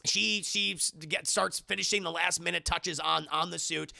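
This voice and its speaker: A man streaming a profane, excitable scene-by-scene film recap, constantly calling out to his chat. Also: on the high side, moderate pace, creaky, hardly any pauses, no room sound, clean studio sound. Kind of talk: animated spoiler recap to a live chat.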